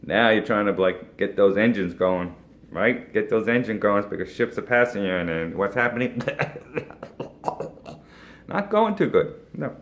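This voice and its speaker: A man's voice: on the low side, animated, a little slow. An advertising agency owner giving a casual, folksy business pep talk, tagging his points with "right?" and chuckling now and then. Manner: folksy, keeps asking "right?", boat metaphors, chuckles.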